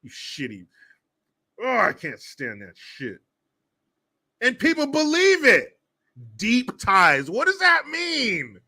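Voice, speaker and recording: A man hosting a political commentary show, sarcastic and animated, often laughing and swearing. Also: very high voice, takes it slowly, pauses often. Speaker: host.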